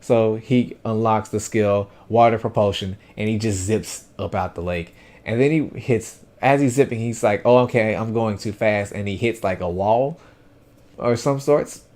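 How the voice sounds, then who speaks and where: A man's voice: on the low side, unhurried. A man giving a casual first-impressions anime review, loose and rambling with lots of fillers and restarts. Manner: chatty, animated.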